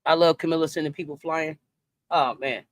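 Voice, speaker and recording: A man hosting a casual livestream sports chat, animated and slangy, greeting viewers and reading their comments aloud. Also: fairly high pitch, fairly quick, no echo. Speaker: sports talk host.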